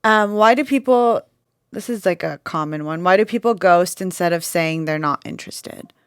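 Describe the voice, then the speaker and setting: A woman co-hosting a casual podcast chat, an animated storyteller who fills her talk with "like". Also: lowish voice, moderate pace, clear, resonant tone, no echo, studio quality. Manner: animated storyteller, says "like" constantly. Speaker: podcast co-host.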